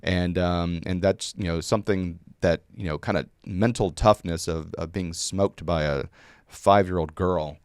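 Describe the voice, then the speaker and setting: Middle-aged male guest, low smooth voice, rambling anecdotal delivery in a dry room. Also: fairly even intonation, unhurried, dry recording. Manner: rambling with many fillers and restarts. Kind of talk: storytelling in a conversation.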